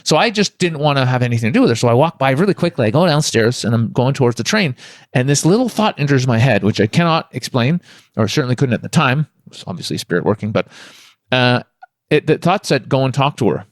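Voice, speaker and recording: Fast-talking man from Toronto. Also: medium pitch, very animated, no echo, clean studio sound. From Toronto, Canada. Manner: rambling, spiritual, candid. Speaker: podcast guest. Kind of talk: conversational storytelling.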